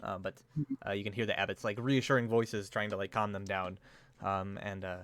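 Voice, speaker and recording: A man's voice: lowish voice, little pitch movement, fairly quick, a bit bright. A man narrating as game master, loose and full of fillers.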